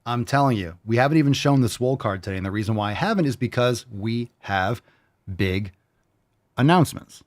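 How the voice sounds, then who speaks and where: A man's voice: mid-range voice, animated, a little fast. A man hosting a fitness show in casual livestream chat, brash and joking, swearing freely.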